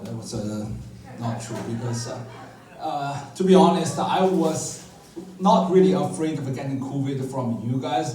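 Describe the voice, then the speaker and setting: A man doing a stand-up comedy set, telling a story in a lively, animated way and jumping high in pitch when he quotes himself. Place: comedy club stage. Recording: echoey club, far-off mic, crowd laughing. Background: audience laughter.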